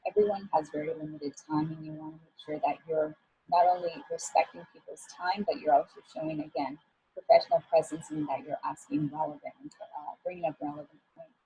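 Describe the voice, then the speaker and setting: A woman's voice: low-pitched, dark tone, slight background noise, low-quality recording. A woman working as an image coach, giving a talk on professional communication in a casual, encouraging way with frequent fillers.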